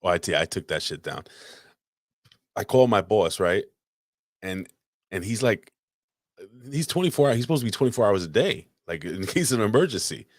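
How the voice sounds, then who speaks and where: A man's voice: on the low side, very animated, brisk, pauses often, no echo, studio quality. A man co-hosting a podcast, telling a long story in crude, rambling casual chat with frequent restarts. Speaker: podcast co-host. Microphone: podcast microphone.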